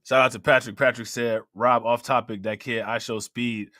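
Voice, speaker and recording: A man's voice: medium pitch, steady tone, moderate pace, pushed and bright, no room sound, studio quality. A man with an Ohio accent hosting a casual livestream, talking loosely, laughing often and reading out chat messages. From Ohio, USA. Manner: loose, conversational, laughs often, keeps asking "you know what I'm saying".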